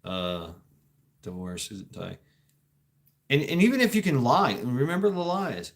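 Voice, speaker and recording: Guy rambling on his stream, stops and restarts a lot, cusses, laughs at chat, middle pitch. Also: big pitch swings, fairly bright tone. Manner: rambling, halting, swearing, laughs often. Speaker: livestream host reading chat. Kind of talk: casual talk, reacting to chat.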